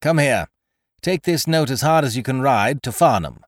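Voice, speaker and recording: A man's voice: mid-range voice, animated, normal speed, dry recording, clean studio sound, lightly acted. A man voicing a cool, commanding detective who speaks in a cold, clipped way. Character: cool, commanding male detective, middle-aged.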